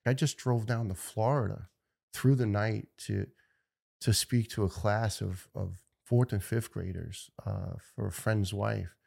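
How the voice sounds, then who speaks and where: A middle-aged man, a firefighter, telling personal stories in an earnest, halting way with restarts. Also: lowish voice, steady tone, creaky, a little mellow. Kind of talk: personal storytelling speech.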